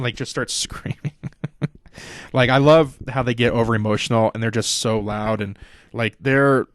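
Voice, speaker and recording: Young male podcast host, mid-pitched, rambling and profane, dry close sound. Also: a bit bright, no room sound. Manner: rambling, profane, acts out quotes in a higher voice. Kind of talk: casual wrestling recap.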